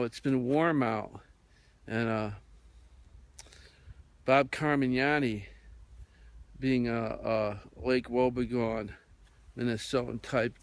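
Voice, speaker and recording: Slow, meandering male radio storyteller. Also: mid-range voice, dry recording. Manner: meandering, with many fillers. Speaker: radio host. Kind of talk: rambling storytelling monologue.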